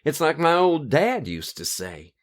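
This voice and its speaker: Folksy Curdy. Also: male voice, a little high, very animated, measured pace. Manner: folksy, drawling sayings. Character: folksy human man, Curdy, fond of his dad's sayings. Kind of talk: audio drama acting.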